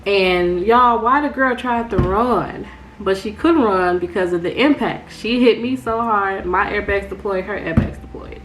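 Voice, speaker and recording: A young woman tells a story to her viewers in a storytime vlog. She talks slowly and with a lot of animation, and she keeps calling the audience y'all. A faint hiss sits under her voice. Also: medium pitch. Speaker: vlogger.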